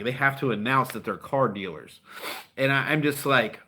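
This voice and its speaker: A man's voice: mid-range voice, bright, forceful tone. Fired-up blunt man giving a pep talk. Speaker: car dealer and YouTube channel host. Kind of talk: motivational vlog talk.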